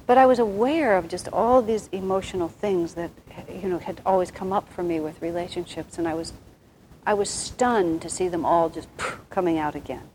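A soft-spoken woman giving a reflective, rambling spiritual talk, with many restarts. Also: lowish voice, moderate pace, slight background noise, rough recording.

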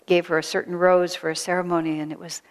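A woman with a slightly low voice gives a spiritual storytelling talk. She speaks softly and reflectively, often sinking to a near whisper. She repeats key phrases for emphasis. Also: flat delivery, fast, in a large hall. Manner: soft-spoken, often drops to a hush. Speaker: spiritual teacher.

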